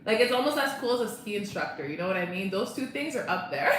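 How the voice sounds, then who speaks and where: A woman's voice: medium pitch, animated, quick pace, fairly bright tone, a little hiss or hum. A young woman chatting casually on a live stream, bubbly and laughing often as she greets viewers. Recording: very echoey room.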